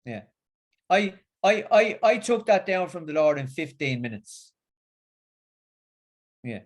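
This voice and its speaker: Halting Northern English man preaching. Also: a little high, very animated. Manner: halting, with many repeats and fillers. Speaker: religious speaker. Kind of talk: religious talk and casual chat.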